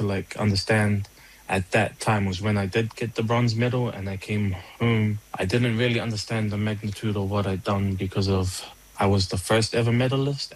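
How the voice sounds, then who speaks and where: A man's voice: fairly low pitch, rough recording. A man from Niue, an athlete, speaking reflectively in a plain-spoken interview.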